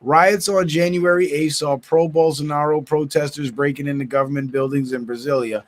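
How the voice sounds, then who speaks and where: A man's voice: a little high, fairly even intonation, normal speed, hardly any pauses. A man hosting his own channel, reading news reports aloud, stumbling over words and breaking off with indignant comments of his own. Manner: stumbles and restarts words while reading, adds indignant asides. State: yawning, tired. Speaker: channel host.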